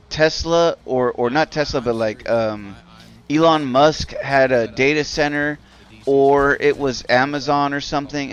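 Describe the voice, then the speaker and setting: A man's voice: mid-range voice, smooth, dull audio. A man streaming a game and ranting in a rambling, profane way, filling his talk with "like". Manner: rambling, profane, heavy use of "like". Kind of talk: casual rant while gaming.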